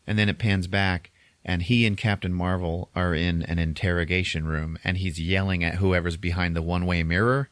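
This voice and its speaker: A man retells a movie to his co-hosts in a loose, chatty way, laughing often and acting out quotes from it. His voice is very low and deep. The recording is dry and close, with no room sound. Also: fairly even intonation, fairly quick, a bit bright, no room sound. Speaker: podcast host. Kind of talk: casual movie recap.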